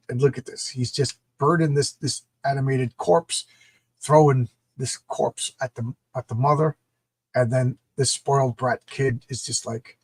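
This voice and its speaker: A man's voice: medium pitch, fairly even intonation, normal speed, breathy edge, no echo. Middle-aged man, comic review vlog, enthusiastic, rambling, dry close sound. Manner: enthusiastic, rambling, repeats words.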